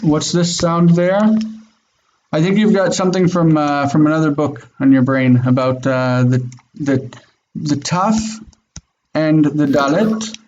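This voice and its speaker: In an online Hebrew class, a man explains things patiently and reassures students with frequent "mm-hmm"s. His voice is slightly high, slightly slow and a little mellow, and the lo-fi audio is dull with faint noise.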